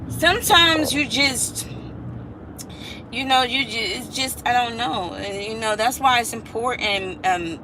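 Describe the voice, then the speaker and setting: A woman's voice: a little high, background noise. A woman, talking casually and reflectively to her viewers, now and then singing a line. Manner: chatty, reflective, slips into singing. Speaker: vlogger. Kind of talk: casual talk to camera.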